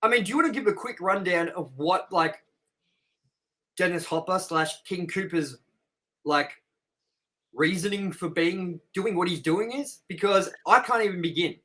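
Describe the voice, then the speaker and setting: A co-host tears into a film in loose, casual chat, swearing often and sounding fed up. The voice has a bright, sharp edge and stays at a middling pitch. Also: normal speed. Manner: profane, exasperated ranting. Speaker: co-host of a movie review show.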